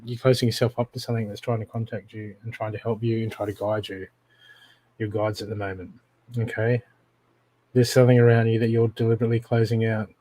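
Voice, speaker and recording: A man's voice: lowish voice, flat delivery, fast, mellow. Australian male intuitive reader, live-stream readings, direct address, keeps checking in with the viewer.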